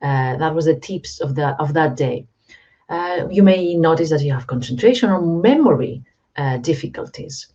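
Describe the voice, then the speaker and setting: A woman hosting a mental health channel, calmly explaining to camera and asking the viewer direct questions. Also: low-pitched, normal speed. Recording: dull lo-fi recording.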